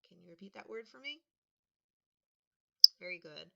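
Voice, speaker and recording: Woman teacher, slow patient spelling lesson, gravelly edge, dull lo-fi recording. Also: on the low side, expressive. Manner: patient, sounds words out and stresses them loudly.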